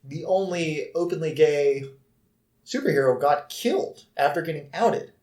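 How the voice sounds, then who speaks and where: Higher-voiced man in an echoey room. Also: expressive, moderate pace, a little mellow. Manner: blunt, swearing, cocky banter. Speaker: podcast co-host. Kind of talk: casual podcast chat.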